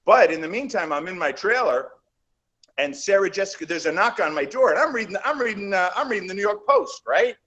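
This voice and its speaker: A man being interviewed, telling animated show-business anecdotes in a casual, rambling way that trails off and restarts. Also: high voice, fairly quick, muffled recording. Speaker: interview guest, actor. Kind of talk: casual storytelling in a shoot interview.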